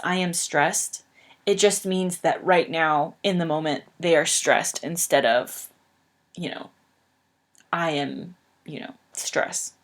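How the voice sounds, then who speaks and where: Slow, low-voiced woman teaching. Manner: patient, explains words plainly with fillers. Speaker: English teacher. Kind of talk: slow English lesson, reading aloud.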